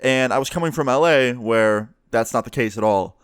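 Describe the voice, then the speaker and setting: A young man from the New York area tells a personal story in a chatty, profane, animated way. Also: mid-range voice, moderate pace, clear, resonant tone, no room sound, studio quality. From New York area, USA. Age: young adult. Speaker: vlogger. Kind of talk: casual storytime monologue.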